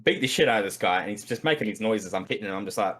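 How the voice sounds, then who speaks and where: Fast-talking husky Australian man. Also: lowish voice, expressive, a bit bright. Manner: rambling, swears freely, many fillers. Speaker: podcast guest. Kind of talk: casual storytelling.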